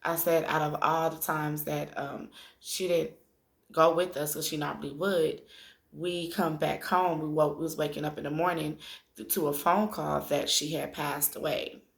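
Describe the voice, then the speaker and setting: A woman in her thirties telling a personal story to her viewers in an emotional, chatty way, tearful after crying, with many pauses. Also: low voice, fairly even intonation, vocal fry. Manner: conversational, addresses viewers directly, drawn-out filler pauses. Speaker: spiritual vlogger. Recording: echoey room.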